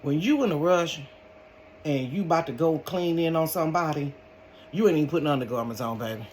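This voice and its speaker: An older woman, telling a story in a dramatic, animated way and calling her viewers honey and baby. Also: low-pitched, brisk, slight background noise. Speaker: vlogger. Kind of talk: casual storytime. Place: bedroom.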